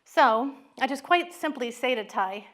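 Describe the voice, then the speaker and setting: A middle-aged woman, a psychologist, giving a talk with candid, animated storytelling. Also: sits high, measured pace.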